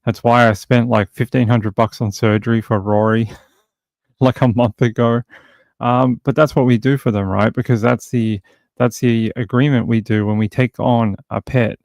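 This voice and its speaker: A man's voice: medium pitch, steady tone, moderate pace, darkish tone, dry recording. An Australian man hosting a livestream, chatting casually and jokingly with viewers and greeting them by name, sounding a bit tired. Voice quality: gravelly. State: tired from insomnia. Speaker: livestream host.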